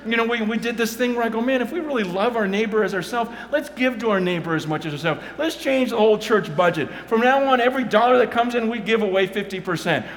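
A pastor telling animated stories, swinging from quiet asides to loud bursts and repeating his words as he goes. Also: high voice, echoey room. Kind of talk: animated storytelling talk.

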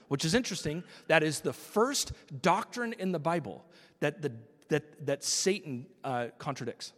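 Animated preacher in a big reverberant hall. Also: male voice, a little high, normal speed. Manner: animated preaching with voiced quotes, drops to a whisper for emphasis. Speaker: pastor. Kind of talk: sermon.

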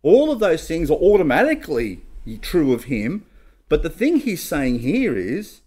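Animated man preaching a sermon. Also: fairly high pitch, a little slow. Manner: conversational preaching, asks and answers his own questions; reads scripture aloud in King James wording. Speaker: pastor.

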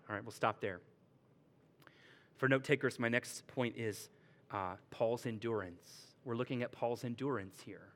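A male pastor giving a conversational, lively sermon with playful retellings. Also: mid-range voice, a little slow.

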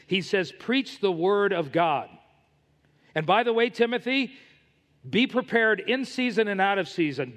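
A man's voice: sits high, fairly bright tone, in a large hall. A man preaching a sermon as pastor, emphatic and telling stories to make his points.

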